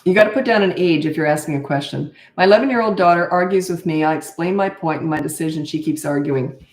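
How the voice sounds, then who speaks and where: An older woman coaching parents in a live question-and-answer session, direct and matter-of-fact. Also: quick pace. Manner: direct, matter-of-fact advice, acts out kids in high voices. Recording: echoey room.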